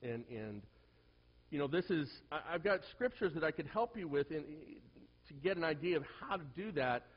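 A male pastor preaching to a congregation and telling personal stories, swinging from hushed asides to loud, animated bursts. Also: a little high, moderate pace, husky, lo-fi sound. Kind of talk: sermon with personal storytelling.

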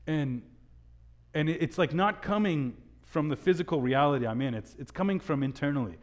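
A young man giving a sermon with a personal story, telling it in an animated way with many restarts. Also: on the high side, brisk. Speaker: speaker at a church gathering.

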